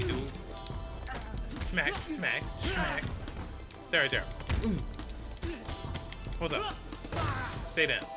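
Animated trash-talking male streamer. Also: high-pitched. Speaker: gameplay streamer. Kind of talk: casual gameplay commentary.

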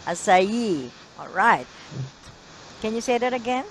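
A woman with a fairly high, very lively voice guides a student through an English lesson on a video call. She praises often and corrects pronunciation patiently. A faint hum sits behind her. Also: measured pace, rough recording. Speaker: English teacher.

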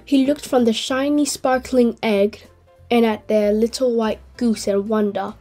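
A woman hosting a channel and reading a children's story aloud in a gentle, clear way. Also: on the high side, steady tone, unhurried, faint music behind. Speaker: host and storyteller.

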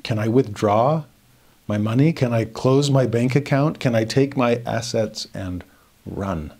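A man teaching a verse-by-verse Bible lesson, reflective and expressive, often posing rhetorical questions. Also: mid-range voice, measured pace. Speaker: scripture teacher.

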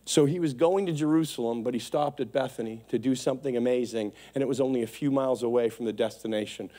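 A man preaching a sermon with impassioned, repetitive calls, swinging from hushed to shouting. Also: medium pitch.

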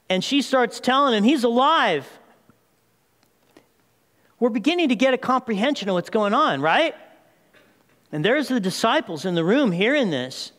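A man preaching a sermon as pastor, retelling the story with lively asides and calling the congregation "people.". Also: high voice, big-room sound. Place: church sanctuary.

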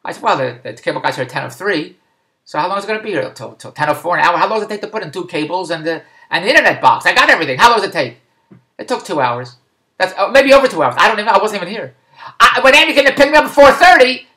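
Middle-aged guy, rapid, lively exasperated vlog rant. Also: high voice. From Philadelphia. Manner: exasperated, digressive storytelling. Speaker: vlogger. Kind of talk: rambling comic monologue.

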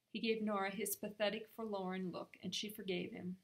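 A woman narrating a children's storybook in a gentle, even way. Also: medium pitch, moderate pace, hardly any pauses. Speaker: reader.

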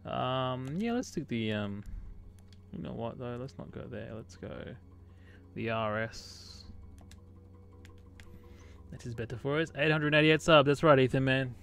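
A man's voice: mid-range voice, a little slow, pauses often, fairly bright tone. An Australian man livestreaming a shooter game, chatting casually with viewers and calling them mate. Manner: chatty, greets chat viewers by name, says "mate" a lot. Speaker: gaming livestreamer. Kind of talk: casual live commentary while playing. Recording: game gunfire clearly heard behind. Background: game gunfire and explosions.

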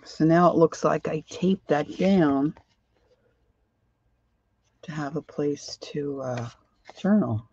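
Slow-talking woman chatting through a craft demo. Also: sits low, darkish tone, breathy edge, muffled recording. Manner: rambling, thinks aloud while working, trails off. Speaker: craft livestream host. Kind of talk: casual crafting tutorial.

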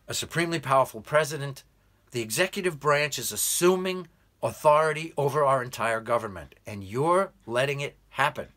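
A man from the United States speaks in a bright, forceful tone, pressing his points in an earnest political monologue. He slows down to lean hard on key phrases and keeps an urgent, appealing edge throughout. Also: medium pitch, sing-song. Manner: earnest, urgent, emphatic with slow deliberate stresses. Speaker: English tutor.

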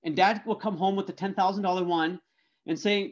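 A middle-aged man giving a lecture talk, telling animated stories with stammered restarts and lots of tag questions. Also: high voice, a little fast. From Canada. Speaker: guest speaker. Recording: dull lo-fi audio.

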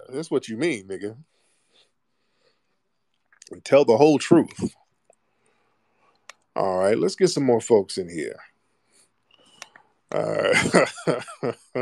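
A male call-in host who speaks bluntly and swears often, fired up as he rants. His voice sits at an ordinary middle pitch. It is recorded dry and close, with no room sound. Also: vocal fry, no echo. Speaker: host of a live audio call-in space. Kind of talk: heated call-in talk show.

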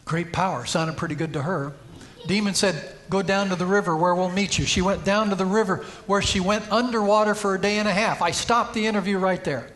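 A man's voice: high-pitched, fairly even intonation, brisk, a bit bright. A man preaching a sermon in a church, telling a story and rising to emphatic peaks. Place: church sanctuary.

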